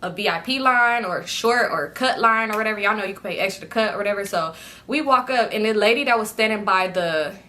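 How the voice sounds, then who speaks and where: A young woman telling a casual storytime to her viewers, animated and slangy, often breaking into laughter. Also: medium pitch, fairly quick.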